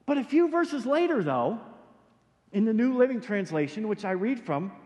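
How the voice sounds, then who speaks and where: A male pastor preaching a sermon in a casual, animated storytelling way, with slangy asides. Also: sits high, normal speed. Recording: long hall reverb.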